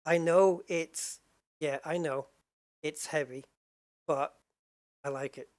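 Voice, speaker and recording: A man's voice: on the high side, fairly even intonation, slow pace. A man giving live commentary while driving a racing sim, exclaiming often as he wrestles a heavy wheel. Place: home sim rig. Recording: loud racing game engine noise behind.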